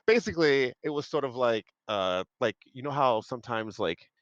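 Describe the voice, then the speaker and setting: A man's voice: mid-range voice, expressive, normal speed, dry recording, lo-fi sound. A man on a panel, rambling enthusiastically about movies in casual chat, full of fillers, over a video call.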